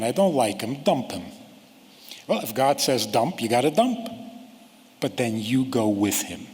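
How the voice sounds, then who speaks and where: A man giving a rabbi's sermon-style lecture, slow and deliberate, with long pauses and sudden drops to a quiet voice. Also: mid-range voice, in a large hall. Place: large lecture hall.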